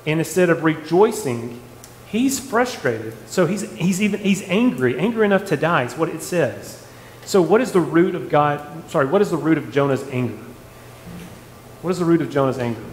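A man leading a casual Bible study, animated, asking the group rhetorical questions and restarting his sentences. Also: a little high, normal speed. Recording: echoey hall, faint room noise.

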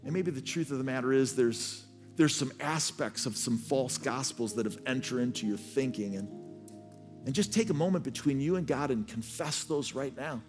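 A man's voice: medium pitch, normal speed, a little mellow, soft background music. A man preaching a sermon as pastor. He tells his story earnestly and often repeats words as he restarts. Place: church stage.

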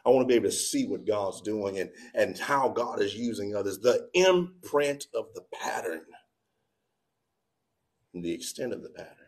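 A man preaching a sermon in a church, moving between quiet, low passages and loud, shouted appeals. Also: expressive, moderate pace. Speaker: pastor. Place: church sanctuary.

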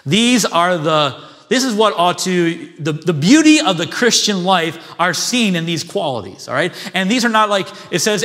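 A man's voice: high-pitched, lively intonation, normal speed, a bit bright. A man preaching a sermon in a conversational way, reading scripture aloud and explaining it with everyday asides. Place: church sanctuary. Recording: long church hall reverb.

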